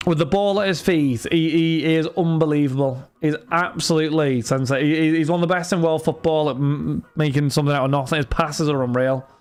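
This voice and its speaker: Young guy hosting a live card-break stream, smooth clear voice, a bit high, chatty and rambling. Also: steady tone, a little fast, few pauses, a little mellow. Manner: chatty, addresses chat and viewers by name, frequent restarts. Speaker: livestream host running card breaks. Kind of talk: casual livestream chat.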